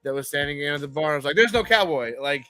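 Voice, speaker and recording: Podcast host, mid-pitched, bright tone, easy chat, faint music. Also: animated, fast talker. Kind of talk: casual chat.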